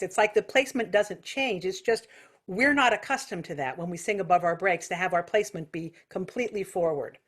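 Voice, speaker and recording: A woman teaching a singing class over a video call, explaining technique casually and thinking aloud with fillers and restarts. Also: mid-range voice. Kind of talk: online singing lesson.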